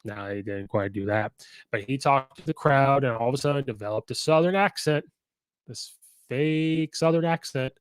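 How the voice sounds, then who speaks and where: Male sports-talk host, mid-pitched, opinionated, dry close sound. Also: moderate pace, clean tone, no room sound, low-quality recording. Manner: chatty, opinionated, acts out quotes. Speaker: host and football commentator. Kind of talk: casual sports commentary.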